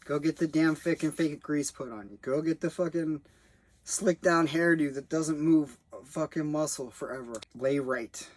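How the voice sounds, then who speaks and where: A man's voice: fairly high pitch, normal speed, dry recording. A young man rambling in a loose, profane way as he reviews a film he worked on as a background actor. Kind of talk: rambling casual monologue.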